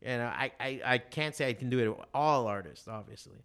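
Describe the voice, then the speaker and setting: A man, a comic shop owner guest, talking in a rambling, profane, animated casual chat full of fillers. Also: mid-range voice, brisk, creaky, smooth.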